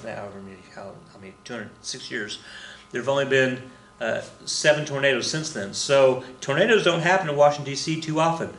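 A man's voice: medium pitch, a bit bright, a little hiss or hum. Rambling male teacher, echoey room. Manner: rambling, conversational, many fillers and restarts. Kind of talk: casual history lecture.

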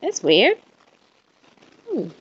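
A woman's voice: high voice, wildly swooping pitch, very slow, husky, lo-fi sound. A young woman live streaming a game, chatting casually with viewers, tired and yawning as she talks. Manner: chatty, greets viewers, yawns and laughs often.

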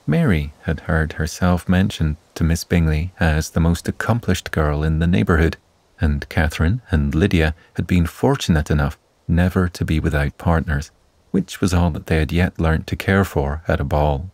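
Man, bedtime story narrator, calm, measured, very low voice. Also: no echo. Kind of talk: soothing bedtime story reading.

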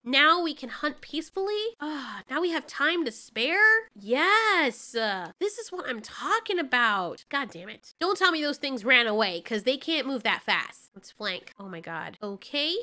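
Young female gamer, high bright voice, excitable, swears freely while she plays. Let's-play commentary. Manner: excitable, swears a lot, talks to the game. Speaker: gaming YouTuber.

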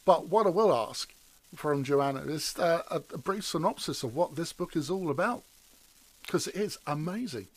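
A man's voice: a little high, lively intonation, moderate pace, breathy edge. Enthusiastic man hosting an interview. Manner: enthusiastic, promotional, speaks to viewers. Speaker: interview host. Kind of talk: casual online interview chat.

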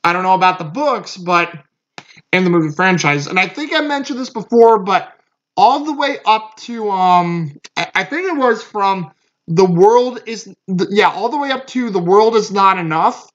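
A man's voice: high voice, moderate pace, a bit bright. A man giving a casual movie review, rambling with lots of fillers and restarts. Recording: muffled lo-fi recording.

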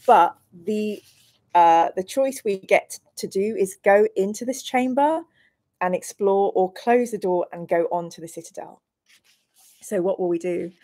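A woman's voice: mid-range voice, measured pace. Bubbly woman streaming a gamebook. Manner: bubbly, self-deprecating, bursts of excited squeals. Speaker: streamer hosting a gamebook playthrough. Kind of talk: live-stream chat and gamebook reading.

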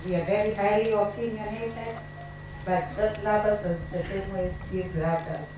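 A woman reading tributes at a memorial service, her delivery emotional, halting and tearful. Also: mid-range voice, steady tone, over music. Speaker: family member giving a eulogy. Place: memorial gathering in a large hall. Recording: echoey hall from far off, faint noise.

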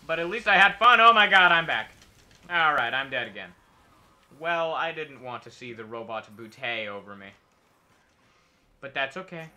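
A man's voice: fairly high pitch, expressive, normal speed, long pauses, sharp tone. A man streaming a video game, talking casually and joking in a rambling, mock-patriotic way. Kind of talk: casual gameplay commentary.

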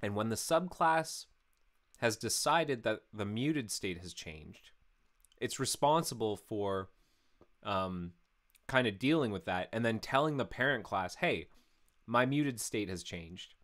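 Talking through code on his live stream, this programmer thinks aloud, explains each step casually and fixes his own mistakes along the way. His voice is fairly low and fairly bright, slow, with lively intonation, recorded on a studio mic with a pop filter.

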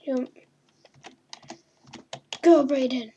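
A woman's voice: sits high, little pitch movement, slow pace, warm tone, husky. A woman hosting a gaming video, giving playful horror-game commentary and talking to the characters on screen. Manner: chatty, talks to game characters, mild swearing. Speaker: gaming channel host.

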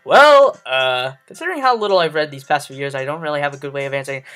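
A man reading a game's text aloud as its player, breaking off with expressive emotional reactions. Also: fairly high pitch, fast talker, soft background music. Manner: expressive, reacting with emotional outbursts between read lines. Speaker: let's play host. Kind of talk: reading and reacting during a game playthrough.

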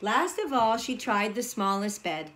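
Preschool teacher reading aloud, woman, lilting and unhurried. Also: medium pitch. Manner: animated, addresses the children directly. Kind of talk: storybook read-aloud for young children.

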